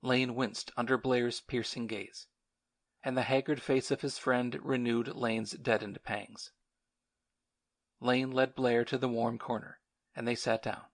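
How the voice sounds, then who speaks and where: A man narrating a novel as an audiobook in a measured, sombre manner. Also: mid-range voice, level tone. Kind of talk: scripted narration.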